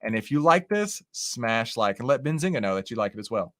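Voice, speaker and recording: Animated man doing casual market commentary. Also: mid-range voice, brisk. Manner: lively, animated, talks with chat and charts; says "right?" and "okay?" often. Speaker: host of a live stock trading stream.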